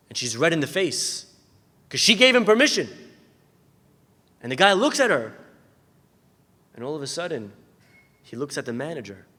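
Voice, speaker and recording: A man, a rabbi, giving a sermon full of storytelling, acting out the people in his stories and raising his voice in bursts. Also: medium pitch. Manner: animated storyteller acting out characters, shouting in bursts. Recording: long hall reverb.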